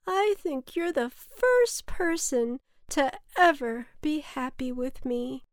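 A woman's voice: high-pitched, animated, no room sound, clean studio sound, voice pushed up. Woman putting on a sad lonely rain cloud. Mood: wondering. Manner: slow, mournful, often breathy and hushed. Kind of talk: children's storybook reading.

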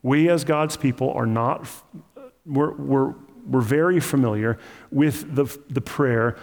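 Gravelly pastor preaching in a hall. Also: male voice, mid-range voice, slow, darkish tone. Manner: conversational, emphatic preaching with acted quotes. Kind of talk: sermon.

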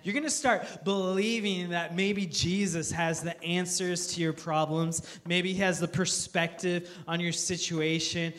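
A male pastor preaching a sermon, telling stories with lively, self-mocking humor and earnest emphasis. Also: sits high, unhurried, few pauses.

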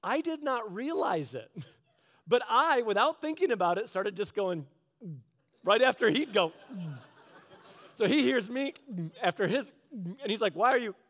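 A man's voice: sits high, lively intonation, a little slow, fairly bright tone. A man preaching a casual, conversational sermon, telling stories in an earnest, chatty way. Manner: earnest, chatty storytelling with laughs.

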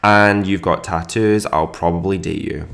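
A man's voice: low-pitched, fairly even intonation, moderate pace, gravelly, a bit bright. A man hosting a solo podcast in casual chat, chatty and self-deprecating, laughing often. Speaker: podcast host.

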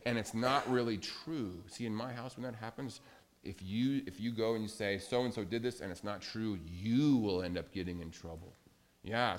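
A man, a pastor, giving a children's sermon in a church and asking the kids questions as he goes. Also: mid-range voice. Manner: animated, asks children questions. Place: church sanctuary.

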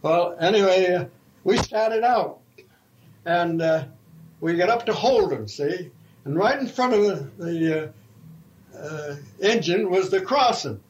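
An older man, a retired railroad fireman, telling an oral history story in a slow, halting, folksy way. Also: sits high, expressive, muffled recording.

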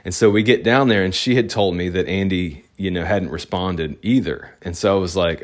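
A man with a low, deep voice tells a personal anecdote in a loose, casual way. He rambles and keeps leaning on filler words, and he livens up when he retells the scene. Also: moderate pace, hardly any pauses. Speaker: event photographer.

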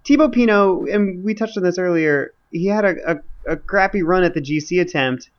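A man co-hosting a casual cycling podcast, chatty and relaxed with lots of "like" and "you know". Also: high voice, moderate pace, dull audio. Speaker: podcast co-host.

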